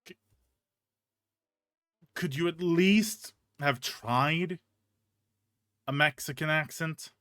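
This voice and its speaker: A man's voice: on the high side, very slow, pauses often, no echo, clean studio sound. A young man streaming, ranting casually and profanely with many restarts, in a hot room with a fan on. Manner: animated, profane, rambling with restarts.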